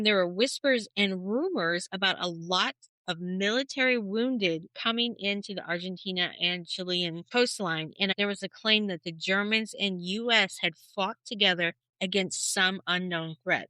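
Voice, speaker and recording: Bright-voiced woman podcast co-host. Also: medium pitch, normal speed, no echo, rough recording. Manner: storytelling, animated, conversational. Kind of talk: casual conspiracy podcast chat.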